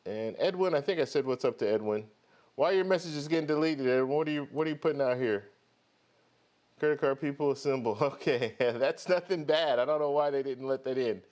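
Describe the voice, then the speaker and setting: A man's voice: mid-range voice, a little fast, a little mellow. A man hosting a live stream about travel rewards, talking casually and greeting viewers one by one. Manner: chatty, greets viewers by name. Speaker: host of a travel credit card channel.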